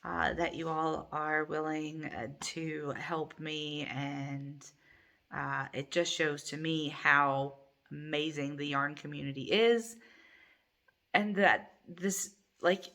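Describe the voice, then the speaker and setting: A woman's voice: deep voice, fairly even intonation, slow, creaky, fairly bright tone. A middle-aged woman hosting a crochet channel, chatting casually and rambling with many ums from her living room at home. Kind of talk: casual chat to camera.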